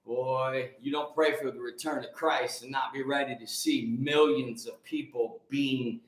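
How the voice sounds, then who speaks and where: A man hosting a live stream like a fervent sermon, shouting and firing rhetorical questions at his viewers. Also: mid-range voice, steady tone, unhurried, reverberant, low-quality recording. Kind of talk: fiery preacher-style live stream.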